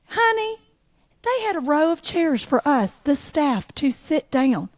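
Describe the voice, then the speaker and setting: A middle-aged woman co-hosting a casual chat, telling lively stories with jokey asides and folksy phrases. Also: high-pitched, dry recording. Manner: animated, jokey, Southern-flavored phrases like y'all and honey. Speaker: podcast co-host.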